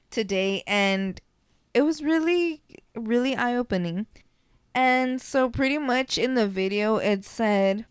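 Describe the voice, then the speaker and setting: A young woman co-hosting a casual podcast, telling stories in a chatty, animated way with plenty of swearing. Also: fairly high pitch, clean tone, no echo, clean studio sound. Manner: chatty, profane, animated storytelling. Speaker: podcast co-host.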